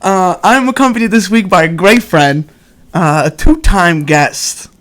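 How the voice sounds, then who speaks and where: A man's voice: sits high, animated, unhurried, a bit bright, slight background noise. A young man hosting a casual podcast, exuberant and chatty, laughing often. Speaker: podcast host. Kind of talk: excited casual podcast chat.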